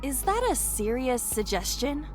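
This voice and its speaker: A woman voicing a sardonic female AI sidekick in a video game, speaking in a deadpan, sarcastic way. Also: high-pitched, unhurried, music in the background.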